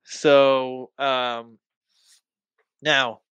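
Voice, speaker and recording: A man's voice: mid-range voice, little pitch movement, extremely slow, fairly bright tone, clean tone, dry recording, lo-fi sound. A young man telling a personal story in casual podcast chat, rambling with lots of fillers and the odd swear word. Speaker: guest.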